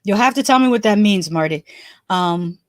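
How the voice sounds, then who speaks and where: A woman's voice: mid-range voice, animated, normal speed, no echo, clean studio sound. A woman hosting a casual live stream, chatting loosely, laughing often and restarting her sentences. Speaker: livestream host.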